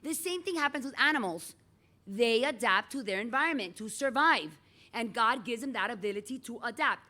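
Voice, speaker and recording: A middle-aged woman teaching a class, her voice sitting a little above the usual pitch. She talks in a chatty, animated way and calls on students by name as she goes. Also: moderate pace. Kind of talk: classroom lecture.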